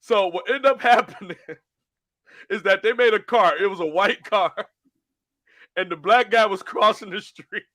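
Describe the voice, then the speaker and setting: A man hosts a casual talk show and tells stories with lively energy, acting out voices along the way. His voice is bright and sits a little high for a man. The recording is dry and close. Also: normal speed, dry recording. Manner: animated storytelling, acts out phone menus. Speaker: show host. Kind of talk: casual podcast chat.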